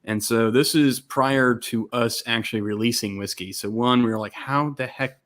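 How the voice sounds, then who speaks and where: A man, a distillery co-founder from Texas, casually telling an animated story and acting out other people's lines. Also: medium pitch, normal speed. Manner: animated, quotes others in lively voices.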